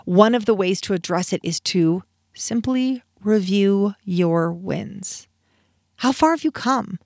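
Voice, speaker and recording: Energetic woman podcast host. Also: mid-range voice, slow, creaky, no echo, studio quality. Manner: energetic and emphatic, with playful asides. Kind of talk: motivational podcast talk.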